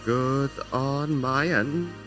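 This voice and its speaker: A man's voice: mid-range voice, extremely slow, music in the background. A man playing in a tabletop game, loose and joking, chuckling between words. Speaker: player. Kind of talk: casual chat during a tabletop game.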